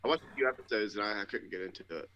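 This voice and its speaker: A man's voice: fairly low pitch, lively intonation, very fast, sharp tone, muffled recording. A man on a casual podcast, rambling and complaining in profane, loose talk. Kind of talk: casual chat.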